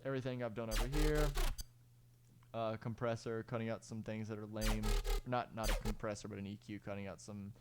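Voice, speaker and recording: A man's voice: lowish voice, little pitch movement, brisk, very noisy. Rambling young man explaining a music project. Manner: rambling, self-correcting, fillers and sung beat sounds. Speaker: music producer giving a tutorial. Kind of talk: casual screen-recorded tutorial. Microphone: clip-on mic.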